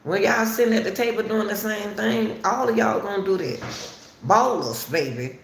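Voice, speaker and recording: In a mid-range voice with vocal fry and at a moderate pace, a woman hosts casual commentary on a case for her channel, repeating herself emphatically as she speaks directly to viewers. Roomy echo and faint background noise come through.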